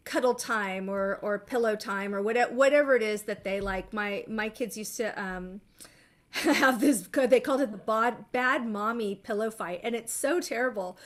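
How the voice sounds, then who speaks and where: A middle-aged woman therapist explaining steps in a measured way, often checking in with "right?". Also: mid-range voice. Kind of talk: therapy session talk.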